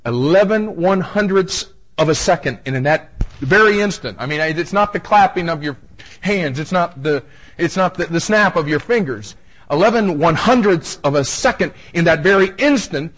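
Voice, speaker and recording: A male pastor preaching a verse-by-verse sermon in a conversational way, stumbling over restarts and booming out the scripture he quotes. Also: animated, normal speed, fairly bright tone, poor audio.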